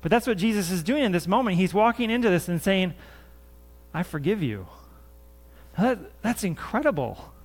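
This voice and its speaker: A male pastor preaching to his congregation in a church. He speaks in an earnest, conversational way and circles back over his own phrases for emphasis. His voice sits a little higher than most men's. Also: expressive, a little fast, few pauses. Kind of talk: sermon. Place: church sanctuary.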